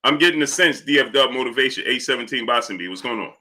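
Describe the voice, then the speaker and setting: A man's voice: medium pitch, expressive, fast, sharp tone. A man hosting a casual live stream, talking through his point while he greets viewers by name from the chat.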